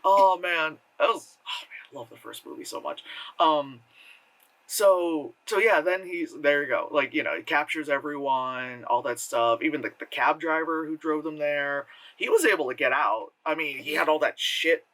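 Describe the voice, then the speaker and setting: A man's voice: on the high side, lively intonation, normal speed, sharp tone. A man rambling through a casual movie review, peppering his retelling with fillers and profanity. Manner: rambling and profane, full of "like" and "you know"; acts out characters' lines in exaggerated voices. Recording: voice distant from the mic.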